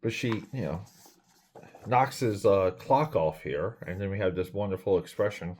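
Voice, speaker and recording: A man's voice: sits low, moderate pace, darkish tone, slight background noise. A man hosting a casual comic book review, rambling and critical, with many fillers and restarts.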